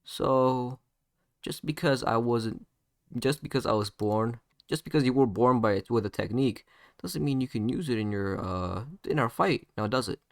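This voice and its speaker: A man's voice: mid-range voice, normal speed, no echo, studio quality, lightly acted. A man voicing a cocky, mocking teenage boy ninja, taunting with lots of fillers and restarts. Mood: calm mocking.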